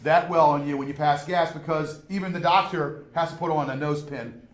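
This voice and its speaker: Loud brash guy hosting a live tv show, roomy echo, kinda high voice. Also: fairly even intonation, a little fast, slight background noise. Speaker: host. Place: small studio. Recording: echoey room from far off.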